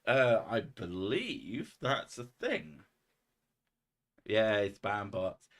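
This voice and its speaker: A man's voice: on the low side, big pitch swings, very slow, a bit bright. A man hosting a casual live stream, rambling and self-mocking with a lot of swearing.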